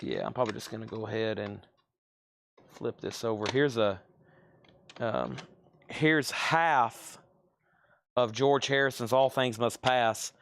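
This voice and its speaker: A man's voice: mid-range voice, fairly even intonation, unhurried, gravelly, pauses often, fairly bright tone. A man hosting a live record and cassette sale, chatting casually as he names items and prices. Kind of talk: casual live-stream selling.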